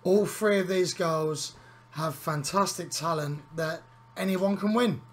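A man's voice: fairly high pitch, measured pace. A man adding emphatic, opinionated color commentary to a wrestling video game broadcast.

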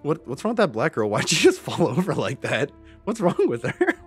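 A young man commentating a game with a friend, loud, crude and quick to laugh. His voice sits slightly high and swings around with wide animation. His home microphone peaks on his loudest moments. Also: wildly swooping pitch, breathy edge, soft background music. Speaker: gaming streamer. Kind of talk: casual gameplay commentary.

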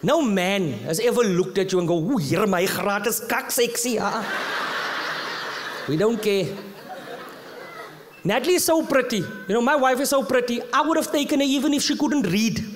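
A man's voice: very high voice, fairly quick, background noise. A South African man doing live stand-up comedy. He tells stories with lots of energy and mixes Afrikaans slang into his English. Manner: animated storytelling, mixing Afrikaans slang into English.

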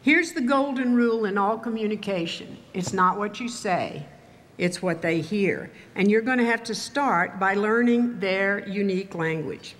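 An older woman from Texas giving a commencement speech, telling stories in a measured, wry way. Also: medium pitch, slight background noise. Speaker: commencement speaker. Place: ceremony venue with audience.

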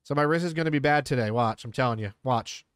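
A male streamer chatting casually and excitedly while playing a game, often swearing when surprised. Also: mid-range voice, fast talker, smooth, no echo, studio quality. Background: game music.

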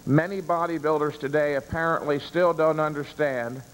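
A man's voice: fairly high pitch, fairly even intonation, normal speed. A man giving a live seminar lecture, emphatic, stressing key words and answering his own rhetorical questions. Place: seminar room with an audience. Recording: reverberant room, long echo.

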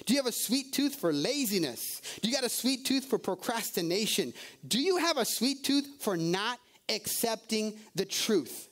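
A man's voice: high-pitched, sing-song, normal speed, a bit bright. A male pastor preaching a sermon, firing off rhetorical questions and calling out to the congregation. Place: church service.

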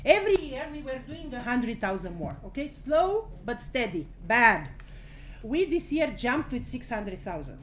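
A woman with a high voice speaks to a room of journalists, blunt and outspoken, and she swears without a second thought. She moves between outrage and laughter as she drives her points home. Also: sing-song, unhurried, a bit bright, slight background noise. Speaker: speaker at a press conference. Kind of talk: impassioned press conference address.

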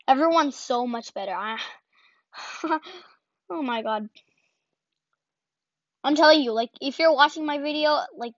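High-voiced excitable woman gaming, dry lo-fi sound. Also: dry recording. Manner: excitable, self-deprecating, yelps and repeats words in bursts. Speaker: gaming channel host. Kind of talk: casual gameplay commentary. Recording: dull lo-fi home recording.

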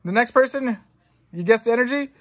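This young male streamer's voice is very high-pitched, expressive, and fairly quick. He's casually opening trading cards on stream, chatting to his viewers with a loose, jokey, foul-mouthed ramble.

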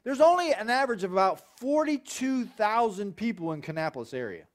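A man preaching a sermon in a church, telling Bible stories in an animated, conversational way. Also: high voice, brisk. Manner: animated storytelling with acted voices. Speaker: pastor.

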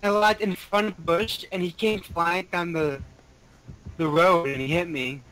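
A man chatting casually while playing a multiplayer game, excitable and quick to laugh, yelping at surprises. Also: low-quality recording. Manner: excitable, laughing, yelps in high bursts. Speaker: gamer.

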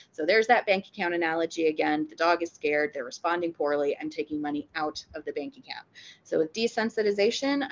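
A woman who is a dog trainer and veterinary behavior technician, giving a lively, playful training lecture. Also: on the low side, muffled recording. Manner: upbeat and playful, acts out dog reactions.

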